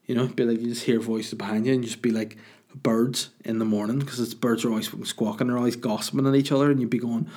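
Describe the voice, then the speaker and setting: A man's voice: medium pitch, level tone, fast talker, darkish tone, slightly rough. A man hosting a podcast, rambling and joking as he answers listener questions. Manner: rambling, jokey, sweary. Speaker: podcast host.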